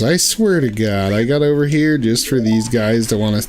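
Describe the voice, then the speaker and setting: Man, live-stream gamer, slow talker, foul-mouthed, wheezy laugh, faint music behind. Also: medium pitch, darkish tone. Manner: swears a lot, wheezing laughter. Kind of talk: live-stream gameplay chat.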